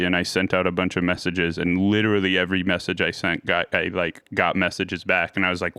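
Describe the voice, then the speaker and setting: A man's voice: deep voice, little pitch movement, brisk, few pauses, bright, forceful tone, clear, resonant tone, dry recording, studio quality. A man hosting a podcast, chatting casually with short, easygoing replies. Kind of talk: casual chat.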